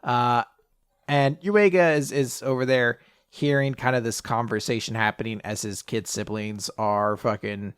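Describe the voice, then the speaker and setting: A man co-hosting a casual manga podcast, recapping a chapter in a lively, animated way and jumping up in pitch to quote characters. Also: a little slow, clean tone, dry recording, studio quality. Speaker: podcast co-host.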